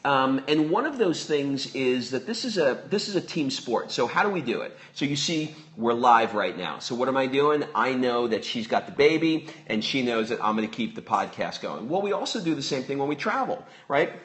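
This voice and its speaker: A man's voice: mid-range voice, very animated, moderate pace, hardly any pauses, a bit bright. A man co-hosting a podcast live, chatting casually, repeating himself and restarting sentences. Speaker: podcast co-host. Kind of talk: casual live-stream chat. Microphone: live phone stream.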